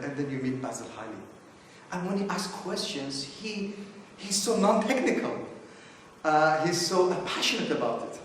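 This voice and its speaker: A conference speaker with a rather high, slightly bright voice and lively intonation opens the event informally at a normal pace. He rambles anecdotally with many fillers and restarts, captured on a distant mic in an echoey hall with a little hiss or hum.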